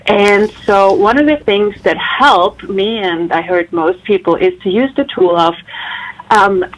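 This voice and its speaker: A woman's voice: mid-range voice, unhurried, rough recording. An Austrian woman speaking English with a German accent, a psychologist being interviewed by phone who sounds upbeat and laughs often. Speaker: psychologist guest. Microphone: phone line.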